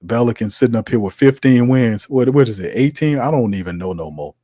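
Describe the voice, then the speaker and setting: With a warm, expressive mid-range voice that runs a little fast, this sports talk livestream host rants in exasperation and laughs often. He throws in "man" and "fam" and answers the chat, captured in studio quality with no echo.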